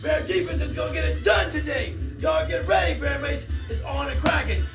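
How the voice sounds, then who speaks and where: Shouting, laughing fan hype man. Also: very high-pitched, steady tone, moderate pace, recorded from a distance. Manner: shouting, chanting, laughing often. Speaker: sports fan vlogger. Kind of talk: hype video. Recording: echoey room, off mic, loud music. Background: loud music.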